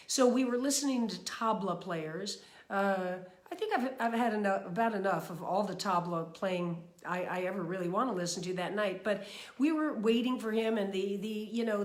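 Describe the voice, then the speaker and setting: A woman from New York giving a casual motivational talk about her weekly mantras, chatty and animated, with many fillers and restarts. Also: mid-range voice, reverberant. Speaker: speaker sharing personal mantras.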